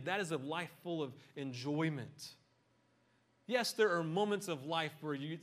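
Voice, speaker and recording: Middle-aged male pastor, lively casual sermon delivery with humorous asides. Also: a little high. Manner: animated, conversational, joking asides.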